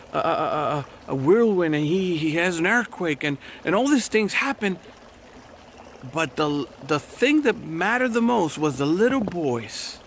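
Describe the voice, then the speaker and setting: A man's voice: a little high, vocal fry, slight background noise. A man preaching a sermon as pastor, in a conversational style full of repetitions and rhetorical questions.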